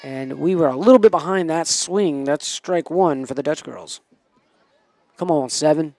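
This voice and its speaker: A man doing casual, excitable play-by-play for a high school softball game, chatty and cheering the batters on. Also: moderate pace, no room sound. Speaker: play-by-play commentator. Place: small school TV studio booth.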